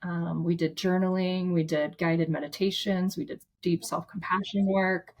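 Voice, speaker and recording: A woman's voice: on the low side, flat delivery, moderate pace. A woman therapist, a podcast guest, telling a story casually and from the heart, with lots of "like" and restarts.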